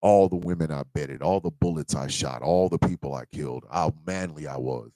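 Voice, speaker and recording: A man hosting a live show, giving a passionate, emphatic monologue that swings between quiet and loud. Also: very deep voice, normal speed, no echo, rough recording. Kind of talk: emotional livestream monologue.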